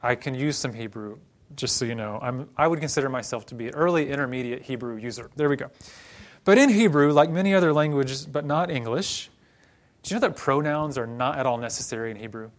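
Man from Oklahoma preaching, mid-pitched voice, chatty teacher with wry jokes. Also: a little fast. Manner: conversational teaching with joking asides. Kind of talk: sermon.

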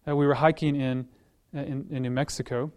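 Male pastor, conversational sermon delivery, lively storytelling with acted-out voices, restarts mid-phrase. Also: medium pitch, normal speed, smooth. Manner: animated storytelling, acts out quoted voices; conversational, repeats words as he restarts.

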